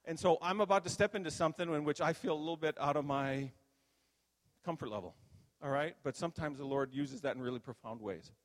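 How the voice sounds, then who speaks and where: An older man, a minister, giving a conversational sermon testimony and telling stories that grow animated at the high points. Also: fast, long reverb tail.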